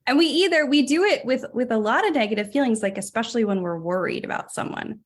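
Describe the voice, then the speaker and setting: This woman doctor, a guest on a podcast, has a fairly high pitch, lively intonation, and a quick pace. The talk is casual; she reflects, chats freely, laughs often, and leans heavily on the word "like."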